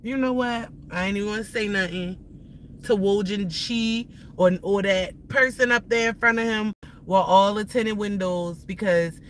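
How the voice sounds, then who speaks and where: This woman in her thirties speaks at a moderate pace in a mid-range voice with fairly even intonation, over a rough recording with slight hiss or hum. Driving, she livestreams a heated, profane, rambling rant from inside the car.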